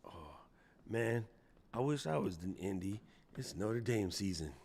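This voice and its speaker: A man's voice: fairly low pitch, animated, unhurried, vocal fry, a little mellow, a little hiss or hum. A man hosting a casual live stream, chatting playfully and answering viewers from the chat. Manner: playful, chatty, reads chat aloud, jokey voices. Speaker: livestream host.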